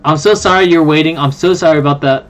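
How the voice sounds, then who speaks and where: A card game streamer chatting casually on a live stream, excitable and quick to apologize to viewers. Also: medium pitch. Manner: excitable, apologetic, talks to chat.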